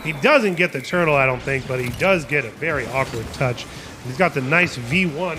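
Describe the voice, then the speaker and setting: A man's voice: medium pitch, expressive, moderate pace, a crowd in the background. A man hosting a live online tournament, calling the plays and joking with chat in a playful, hype-driven way. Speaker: tournament host and caster. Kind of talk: live esports play-by-play commentary on a stream.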